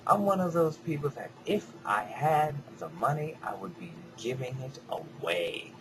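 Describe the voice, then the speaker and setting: Man, slow rambling self-talk vlog, casual cursing, audible background noise. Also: medium pitch, sing-song. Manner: slow, reflective, drifting between soft mutters and loud bursts; casual, swears freely. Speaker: vlogger. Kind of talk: rambling personal monologue.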